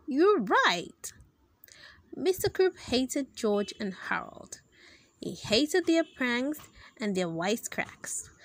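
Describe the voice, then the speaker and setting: A woman reading a children's book aloud in an expressive, animated storytelling manner. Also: mid-range voice, dry recording.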